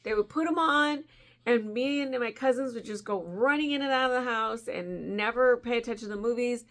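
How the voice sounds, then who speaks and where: A woman in her forties, a crafting vlogger, telling a long rambling story in a chatty, animated way and laughing often. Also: on the high side, brisk. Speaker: crochet vlogger.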